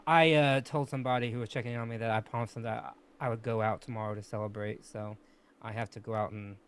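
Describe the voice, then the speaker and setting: A man co-hosting a live stream, chatting casually and thanking donors in relaxed, rambling asides. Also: medium pitch, fast, clean tone. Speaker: stream co-host. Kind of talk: casual chat, reading out donations.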